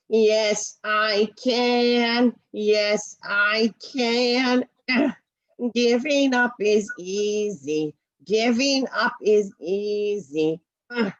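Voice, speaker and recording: A woman's voice: medium pitch, no echo, dull audio. A woman voicing a frustrated male hoofed puppet with floppy felt hooves, whiny and sighing. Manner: whiny, sighing, slow and mopey. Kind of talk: puppet play acting. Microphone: laptop video call.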